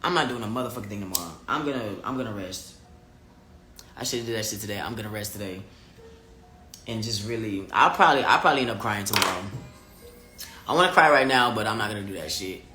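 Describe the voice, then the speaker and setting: A man chats live with his audience, open and blunt, swearing freely and hitting his points hard. His voice is bright and pushes forward. The room is echoey, with faint music running underneath. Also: fairly low pitch, fast, pauses often. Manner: candid, profane, animated and emphatic. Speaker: vlogger talking live to viewers. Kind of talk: casual livestream chat, reading comments.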